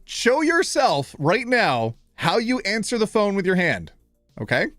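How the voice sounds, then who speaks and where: Animated male streamer, lively pitch. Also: measured pace, no echo, clean studio sound, soft background music. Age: 30s. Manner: animated, playful, self-deprecating, fumbles names. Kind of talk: live stream chat.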